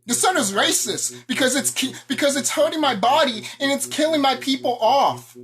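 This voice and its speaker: A woman ranting to her viewers in an angry, confrontational way, swearing freely. Her pitch leaps up and down as she presses each point. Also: animated, moderate pace, a bit bright. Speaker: vlogger. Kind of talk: ranting monologue to camera.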